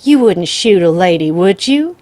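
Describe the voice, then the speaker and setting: A woman voicing a frantic elderly grandmother who shrieks and pleads in a high, desperate voice. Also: animated, measured pace, a little mellow. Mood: pleading.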